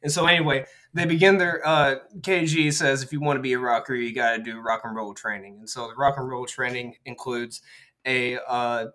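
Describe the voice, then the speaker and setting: A man casually retelling a film's plot on a podcast, rambling with many fillers and quick character voices. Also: mid-range voice, fairly even intonation, bright, forceful tone. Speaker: podcast host. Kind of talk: casual movie recap.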